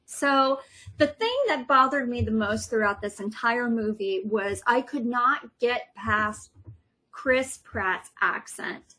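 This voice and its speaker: A woman's voice: a little high, slow pace, bright, forceful tone, poor audio. A middle-aged woman co-hosting a family podcast, sharing firm opinions in a casual, thoughtful way with frequent ums. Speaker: podcast co-host, mother.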